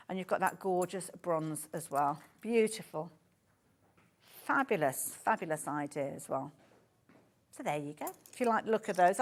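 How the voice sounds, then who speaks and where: Chatty Brummie woman selling fabric. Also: a little high. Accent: Birmingham. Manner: chatty, gushing, self-interrupting. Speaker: shopping channel presenter. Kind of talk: live shopping presentation. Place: TV studio.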